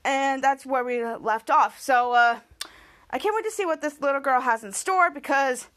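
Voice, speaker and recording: A woman hosting a podcast, recapping a TV episode in an excitable, rambling way. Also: high voice, normal speed. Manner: excitable and rambling, with many restarts. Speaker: podcast host.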